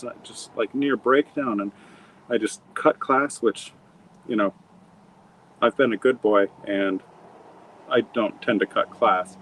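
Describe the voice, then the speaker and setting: A middle-aged man from Montana answers interview questions in a rambling, reflective way, stopping and restarting as he goes. His voice sits fairly low. A faint hiss runs underneath. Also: a little slow, pauses often, poor audio. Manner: reflective, rambling storytelling with many fillers and restarts. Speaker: author and guest. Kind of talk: conversational interview.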